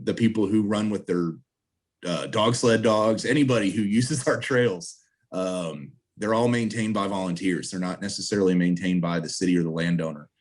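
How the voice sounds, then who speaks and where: Deep-voiced man appealing for volunteers. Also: a little mellow. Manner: earnest, upbeat, appealing for volunteers. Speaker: trail association president, interview guest. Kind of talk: casual video-call interview. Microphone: video call.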